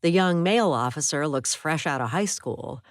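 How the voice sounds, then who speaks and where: A woman narrating a first-person thriller audiobook in a measured, expressive way. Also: sits low, no echo, clean studio sound.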